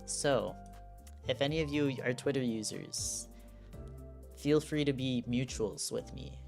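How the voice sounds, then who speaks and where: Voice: mid-range voice, a little slow, vocal fry, a little mellow, faint music behind. Rambling, chatty game streamer. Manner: rambling, self-interrupting, laughs often. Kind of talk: casual live-stream chat while playing.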